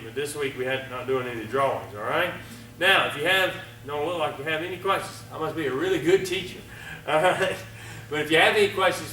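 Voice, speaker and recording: A man teaching a live karate class, counting the moves aloud with loud energy. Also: a little high. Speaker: karate instructor. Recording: echoey room, mic far off, faint noise.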